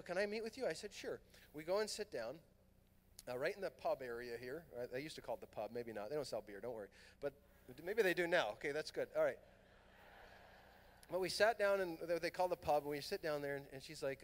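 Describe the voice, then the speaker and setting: A middle-aged man from Southern California telling a lively personal story at a youth conference, acting out the voices in his dialogue. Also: a little high, fairly quick. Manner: animated, acts out quoted dialogue. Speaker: priest and conference speaker. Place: large fieldhouse hall. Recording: long hall reverb.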